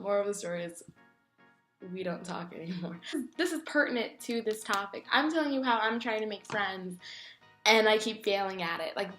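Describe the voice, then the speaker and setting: A young woman vlogger telling funny stories in a casual, animated way, acting out voices from them. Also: medium pitch, roomy sound. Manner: animated, jokey, acts out voices in her stories. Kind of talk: casual storytelling vlog.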